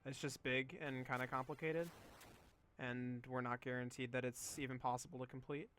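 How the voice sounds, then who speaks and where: A man's voice: medium pitch, flat delivery, moderate pace, a bit bright, smooth. A young man streaming a game, chatting casually in a rambling, amused way full of fillers. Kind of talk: casual gameplay chat.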